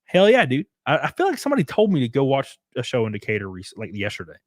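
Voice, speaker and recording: A man's voice: mid-range voice, wildly swooping pitch, fast talker, no room sound. A man with a Southern US rural accent, reading super chats on a livestream in a laid-back, drawling and profane way. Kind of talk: casual livestream chat.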